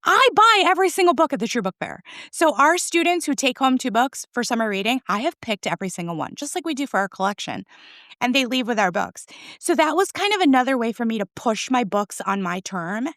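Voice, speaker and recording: In a conversational podcast interview, a forties-aged school librarian speaks a little fast with a slightly high, fairly bright, very animated voice. She's enthusiastic, laughs often, and keeps adding "right?" to her points, all in clean studio sound with no echo.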